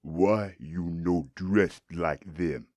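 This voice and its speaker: A gruff, dim-witted warrior guard in an audiobook, as a man puts him on, growling slow and suspicious in broken speech with a thick accent. The voice sits very deep and dark. It is close and dry, with no room around it. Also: no room sound.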